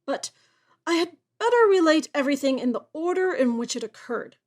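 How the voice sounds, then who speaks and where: A woman reading the part of a grave, gruff old male general in her own high voice, as in an audiobook. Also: lively intonation, brisk, a little mellow.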